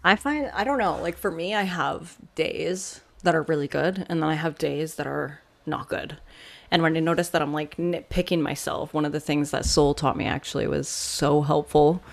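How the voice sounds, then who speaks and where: Gravelly, frank podcast co-host. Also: mid-range voice, moderate pace. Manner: frank, swears casually, reflective. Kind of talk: casual chat.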